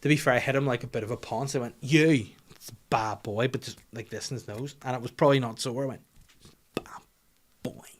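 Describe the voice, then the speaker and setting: A man's voice: medium pitch, rapid-fire, few pauses. Sweary Northern Irish man telling stories. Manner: swears freely, rambling animated storytelling. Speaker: comedian podcast host. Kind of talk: casual comic monologue.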